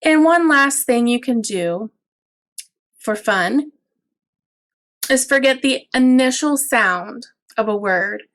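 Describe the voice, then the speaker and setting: A woman teacher explaining early reading games for parents in an instructional video, patient and clear, drawing out example words. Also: fairly high pitch, expressive, slow pace, pauses often, a bit bright.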